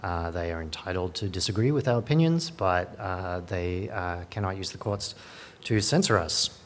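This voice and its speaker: A man's voice: low voice, normal speed, slight background noise. A man, a lawyer, giving a conference talk in a dry, sardonic way with many fillers and restarts. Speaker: lawyer at a digital rights group.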